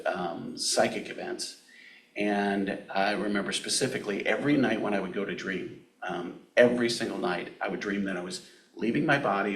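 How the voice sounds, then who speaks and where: A man speaking to an audience at a spiritual center, an animated storyteller who acts out the dialogue of his tale. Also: on the low side, recorded from a distance. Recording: echoey room from off-mic.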